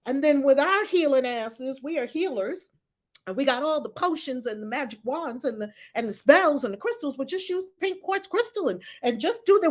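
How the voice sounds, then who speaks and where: A middle-aged woman teaching a spiritual class in a blunt, animated, profane way. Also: high voice. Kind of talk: live online spiritual class talk.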